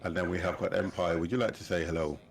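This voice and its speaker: A man's voice: low voice, steady tone, quick pace, gravelly, a loud crowd. A man in his fifties hosting a livestream, chatting casually and laughing often as he sets up a flight game. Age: 50s. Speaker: livestream host. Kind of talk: casual chat while gaming.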